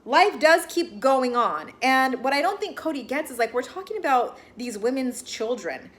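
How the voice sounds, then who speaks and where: A woman's voice: high voice, animated, moderate pace. A woman giving a casual recap of a reality TV episode, chatty and full of "like", with exasperated asides. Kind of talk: casual reaction commentary.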